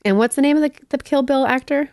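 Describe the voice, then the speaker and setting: A woman's voice: sits high, fast, no echo, clean studio sound. A woman from Canada telling a story in casual chat, acting out the people she quotes. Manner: storytelling, animated quoted voices, swears casually.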